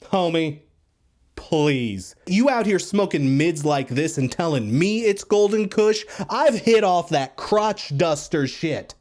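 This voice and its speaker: Animated, profane male music critic. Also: high-pitched, measured pace, few pauses. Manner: blunt, profane, rambling and animated. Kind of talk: casual opinion monologue.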